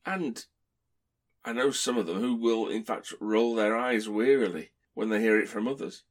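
A man's voice: on the low side, moderate pace. A man co-hosting a podcast, talking in a dry, wry, opinionated way. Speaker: podcast co-host. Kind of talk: casual podcast discussion.

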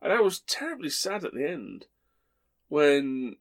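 A man's voice: on the high side, very animated, unhurried. A man hosting a podcast, telling fond, rambling stories with playful asides. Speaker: podcast host. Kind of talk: casual chat.

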